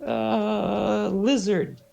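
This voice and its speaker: A man voicing a small, irritable male gnome shopkeeper who talks fast and squeaky and stammers. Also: expressive, gravelly, dark tone, faint music behind, full character voice. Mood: exasperated. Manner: squeaky, rapid, stammering, exasperated.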